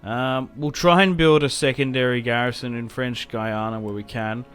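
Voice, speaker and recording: A young man giving casual commentary over a strategy game, chatty and quick to react loudly when things go wrong. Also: mid-range voice, steady tone, clear, resonant tone, soft background music. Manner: chatty, reacts loudly to setbacks, self-mocking laughs. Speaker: gaming YouTuber.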